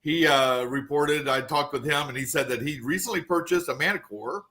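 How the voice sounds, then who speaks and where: A man with a bright, forceful voice gives a casual guest report, running through items at an auctioneer's clip. He talks freely, with frequent fillers and restarts. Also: fairly high pitch. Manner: quick, auctioneer-like rundown with fillers. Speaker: guest treasure hunting reporter.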